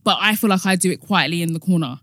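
A young woman with a fairly low voice chats on a podcast, agreeing often and rambling as she thinks aloud. The recording is dry and close. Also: fast talker, a bit bright, dry recording. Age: young adult. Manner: agreeable, frequent yeahs, rambling. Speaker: podcast co-host. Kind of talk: casual chat.

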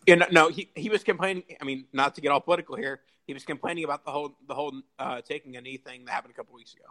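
A man's voice: a little high, fairly even intonation, racing, bright, forceful tone, poor audio. A man talking as a panelist on a casual sports podcast, restarting his sentences as he thinks aloud.

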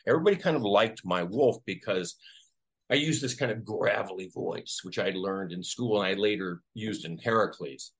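A man, an actor, telling a story casually in an interview, animated and acting out the voices of people he quotes. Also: on the low side, moderate pace, husky. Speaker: actor guest.

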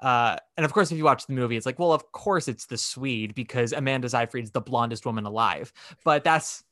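A man co-hosting a casual podcast, telling a story with lively acted-out quotes. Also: medium pitch, brisk, no room sound, clean studio sound. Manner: animated storytelling, acting out quotes. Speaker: podcast co-host.

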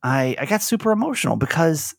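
A man's voice: on the high side, very animated, brisk, gravelly, dry recording, clean studio sound. A man hosting a podcast, telling a rambling, emotional story in casual chat. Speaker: podcast host.

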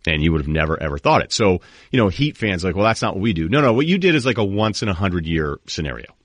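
A low-pitched man hosting a sports talk show, rambling through an animated rant. His voice sits close to the mic in a dry, dead room with no echo at all. He talks casually and keeps drifting off on tangents. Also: fast talker. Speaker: sports talk podcast host.

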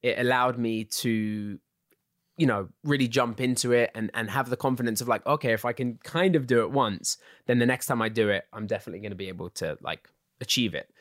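A young man with an English accent talks easily as a guest, filling his sentences with casual fillers and laughing often. His voice sits at a middle pitch. It is recorded close and dry, with no room sound. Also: brisk, dry recording. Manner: relaxed and chatty, laughs often, many fillers. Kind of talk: casual chat.

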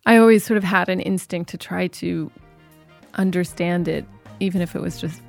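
A woman's voice: on the low side, normal speed, gravelly, faint music behind. A woman in her thirties, a guest in an interview, talking reflectively and often restarting her sentences. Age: 30s. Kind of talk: casual interview chat.

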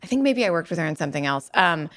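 A woman's voice: lowish voice, big pitch swings, a bit bright, dry recording. Giggly woman co-host recapping. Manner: giggly, recaps plot briskly. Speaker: podcast co-host. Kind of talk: casual rewatch podcast chat.

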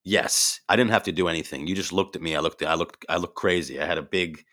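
A man, an improv performer and actor, telling animated stories in a casual chat and acting out the voices in them. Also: deep voice, quick pace. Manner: animated, acts out voices in his anecdotes.

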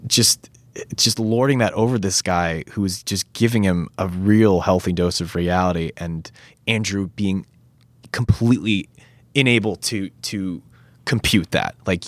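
An actor chatting as an interview guest, rambling and animated, often acting out quotes. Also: male voice, low voice, unhurried, no room sound. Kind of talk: casual interview chat.

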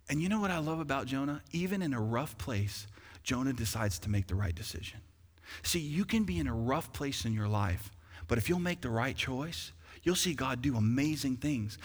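Animated man preaching in a reverberant church. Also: a little high. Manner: animated preacher, swings from quiet to loud. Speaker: pastor. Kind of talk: sermon. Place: church sanctuary. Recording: long hall reverb.

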